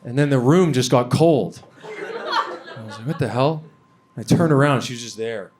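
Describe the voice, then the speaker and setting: A man's voice: medium pitch, wildly swooping pitch, normal speed, music in the background. A young man from Canada doing a stand-up comedy set on stage, ranting profanely with lots of fillers. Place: comedy venue stage before a live audience.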